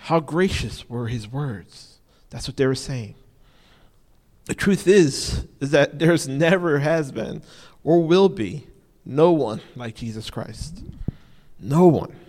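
A man's voice: on the high side, lively intonation, takes it slowly, darkish tone. A man preaching an informal sermon, repeating key phrases for emphasis and often saying "you know". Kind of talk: conversational sermon. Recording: long reverb of a large hall.

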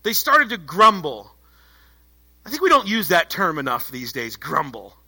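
A man preaching a sermon as pastor, animated and conversational, joking with the congregation. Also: on the high side, a little slow, breathy edge.

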